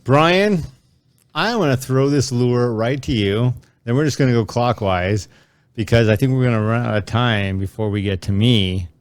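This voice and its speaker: A man's voice: medium pitch, normal speed, clean tone. A man co-hosting a casual chat show, playful and teasing the others. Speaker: podcast co-host.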